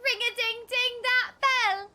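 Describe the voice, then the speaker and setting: A woman puts on a cheery mock-posh British lady for a casual game stream, pitched high with a bright, sparkling tone. The over-the-top British accent comes out sing-song and playful. Every phrase sounds like a giggling send-up of a posh goodbye. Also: fairly even intonation, takes it slowly, heavily acted. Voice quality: exaggerated put-on British accent.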